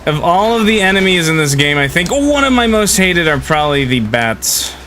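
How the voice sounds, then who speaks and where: A young man with a bright, forceful voice talks casually to his viewers as he plays. He rambles along in a friendly, easygoing way, reacting to the game and to chat. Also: sits high, very animated, moderate pace, faint music behind. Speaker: game streamer. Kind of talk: casual live-stream chat while gaming.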